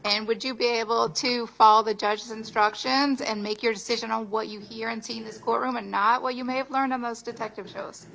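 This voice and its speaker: A woman attorney in a courtroom, questioning a prospective juror in a polite, measured way. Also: on the high side, fairly even intonation, gravelly, fairly bright tone, slight background noise, rough recording. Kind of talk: jury selection questioning.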